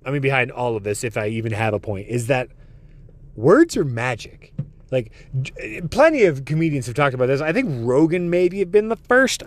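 Male podcast host, profane and excitable, lively pitch. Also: no echo. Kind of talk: comedic podcast monologue.

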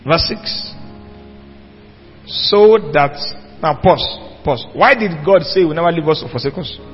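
A man's voice: on the high side, animated, a little slow, soft background music. A man preaching a sermon, emphatic and asking the congregation rhetorical questions. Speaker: pastor. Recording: dull lo-fi church hall recording with long reverb.

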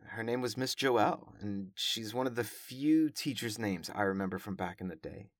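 A professor and podcaster speaks in a relaxed monologue with a somewhat low voice. He over-enunciates his words deliberately and often stops to correct himself. The sound is dry, with no room around it. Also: no room sound. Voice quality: carefully over-enunciated speech. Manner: chatty, self-correcting, with frequent fillers. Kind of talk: casual monologue.

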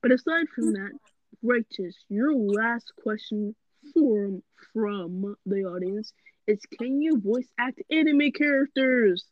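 A woman's voice: fairly high pitch, slow pace, dry recording. Jokey young woman, slightly dull mic. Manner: jokey, dramatic, deadpan quips. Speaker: co-host. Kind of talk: casual chat.

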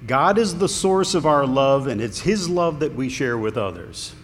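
A man's voice: medium pitch, lively intonation, moderate pace. A man preaching a sermon in a conversational, earnest way, with small restarts. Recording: long hall reverb, faint room noise.

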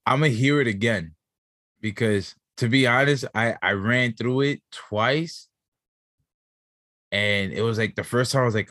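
A man's voice: mid-range voice, measured pace, pauses often, a bit bright, no room sound, studio quality. A man co-hosting a wrestling podcast, talking in a loose, slangy way with lots of fillers. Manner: laid-back, slangy, filler-heavy. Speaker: podcast co-host. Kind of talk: casual chat.

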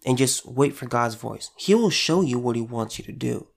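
A man's voice: medium pitch, expressive, moderate pace, vocal fry. A man giving an informal devotional talk in an earnest, conversational way, repeating phrases for emphasis. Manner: earnest, conversational, with repetitions and restarts. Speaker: preacher.

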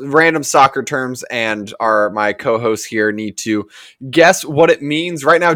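A man hosting a casual soccer podcast, easygoing and relaxed, sometimes humming a little jingle. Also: mid-range voice, no room sound, clean studio sound. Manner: easygoing, hums a little jingle when announcing segments. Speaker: podcast host running a soccer segment.

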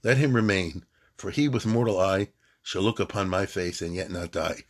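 A man reading aloud the words of the Lord, a calm and sovereign deity, from a narrative poem. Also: low voice, voice pushed down. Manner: calm measured recitation.

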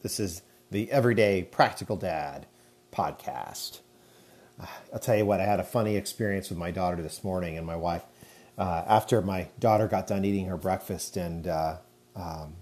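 Deep-voiced chatty dad podcaster. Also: male voice, a little mellow. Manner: chatty, laughs often, lots of fillers. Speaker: podcast host. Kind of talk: casual solo podcast talk.

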